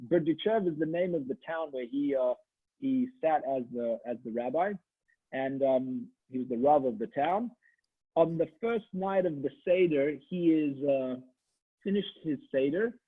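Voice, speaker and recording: A rabbi telling a story in a chatty, animated sermon over a video call. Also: male voice, a little high, normal speed, breathy edge, no echo. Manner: animated, chatty, many restarts. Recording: dry tinny phone-like line.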